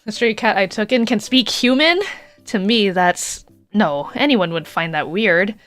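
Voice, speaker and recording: A woman streamer reading a dating game aloud, playful and quick to laugh between lines. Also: mid-range voice, lively intonation, fairly bright tone, no room sound, faint music behind.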